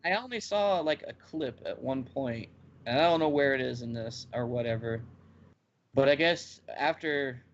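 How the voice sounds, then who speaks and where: A man co-hosting a casual podcast chat, retelling scenes with lively acted-out bits. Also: mid-range voice, moderate pace, highs cut off. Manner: animated storyteller acting out scenes. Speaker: podcast co-host.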